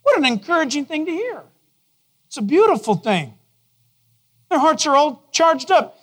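A man preaching a sermon to his congregation in a conversational way, asking them questions and dropping to a soft, low voice for gentle moments. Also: very animated, moderate pace. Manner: drops to a soft, low voice to quote God gently. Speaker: pastor. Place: church.

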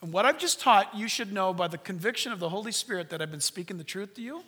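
A man with a very high, bright voice preaches a lively sermon. He acts out other people's voices in sudden high shouts. His voice carries a long hall reverb. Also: fast, hardly any pauses, slightly rough. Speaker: pastor.

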